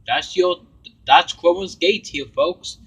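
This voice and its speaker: A man voicing a pushy male news reporter who talks in a brisk, announcing way. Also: on the high side, a bit bright, breathy edge, pitched above the performer's own voice, full character voice.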